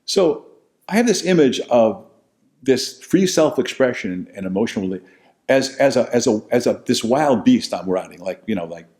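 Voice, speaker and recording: An older American man telling stories from his own life, blunt and profane, swinging between loud bursts and low asides. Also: expressive, normal speed. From United States. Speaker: podcast host telling his life story. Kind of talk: casual storytelling monologue.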